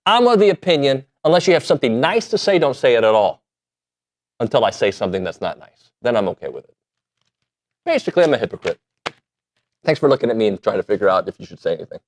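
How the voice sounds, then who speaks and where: A man hosting a sports talk show, talking casually in an animated, joking way that pokes fun at himself. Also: mid-range voice, fast talker, long pauses. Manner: animated, self-deprecating, jokey. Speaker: sports radio host.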